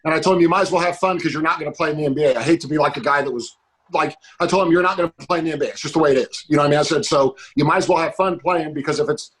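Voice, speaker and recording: Fast-talking, rambling man. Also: fairly high pitch, a bit bright. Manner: rambling, lots of "like". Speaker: guest. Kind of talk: casual podcast chat.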